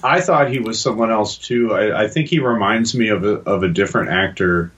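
A man's voice: on the low side, fairly quick, a bit bright, lo-fi sound. A man co-hosting a podcast, talking casually and thoughtfully, searching for words. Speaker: podcast co-host.

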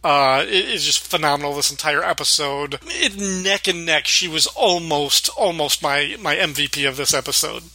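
A man's voice: fairly high pitch, moderate pace, few pauses, pushed and bright, dry recording, poor audio. A man who is a podcast guest, chatting casually and retelling sitcom scenes with enthusiasm. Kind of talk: casual chat about a sitcom episode.

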